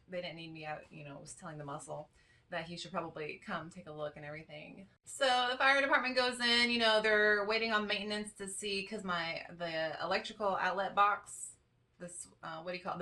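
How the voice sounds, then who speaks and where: Bright-voiced chatty woman vlogger. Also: lowish voice. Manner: rambling, chatty, heavy on fillers like "you know" and "like". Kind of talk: casual storytelling vlog. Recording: voice a little distant from the mic.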